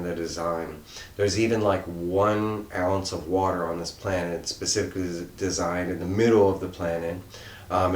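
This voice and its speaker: A very low-pitched man talks through a comic book review in a loose, rambling way, full of fillers and restarts. His voice stays flat and level, and it carries a roomy echo with faint noise behind it. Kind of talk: casual unscripted review.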